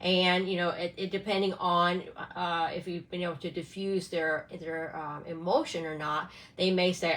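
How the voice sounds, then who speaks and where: A middle-aged woman speaks in a fairly low voice during a casual live session. She coaches parents in an earnest, searching way, restarting her phrases and checking in with "right?" as she talks. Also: level tone, moderate pace, hardly any pauses, a bit bright, poor audio.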